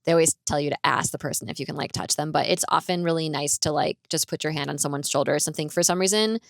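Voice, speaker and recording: A woman talks through a personal story on her podcast, casual and rambling, with "like" dropped into nearly every sentence. Her voice sits somewhat low and has a gravelly, fry-tinged texture. The sound is dry and close, with no room echo. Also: fast talker. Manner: chatty, rambling, fills speech with "like". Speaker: podcast host.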